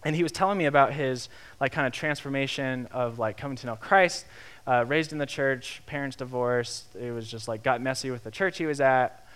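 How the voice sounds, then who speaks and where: A young man preaching a sermon in a lively, conversational way, acting out the quotes he tells. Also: mid-range voice, a little fast, few pauses, clear, resonant tone. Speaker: pastor.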